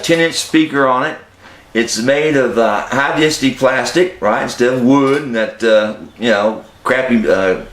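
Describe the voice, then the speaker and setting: A man's voice: mid-range voice, a bit bright. A man vlogging about a guitar amplifier in a folksy, chatty way with lots of fillers and laughs. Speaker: gear reviewer. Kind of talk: casual vlog. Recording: roomy echo.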